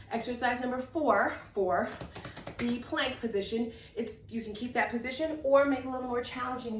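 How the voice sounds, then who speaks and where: Slightly out of breath, a woman instructor with a somewhat high voice leads a home workout on a mat at normal speed, cheerful and encouraging as she demonstrates. The sound comes from a distant camera mic, with room echo and slight background noise.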